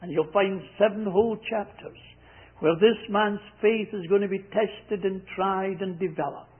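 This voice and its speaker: A man preaching a sermon, repeating scripture lines slowly and with emphasis. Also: high voice, husky. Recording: tinny phone-like sound.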